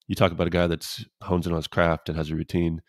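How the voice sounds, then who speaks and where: A man co-hosting a casual podcast, a former pro pitcher telling laid-back, rambling stories. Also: flat delivery, fast talker, no echo, clean studio sound. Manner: laid-back, rambling anecdotes with quoted dialogue. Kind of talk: casual storytelling chat.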